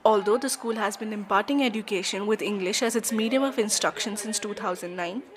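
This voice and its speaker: A woman reporter narrates a news piece from a script. Her delivery is even and steady, with a mid-range pitch. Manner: even, read aloud.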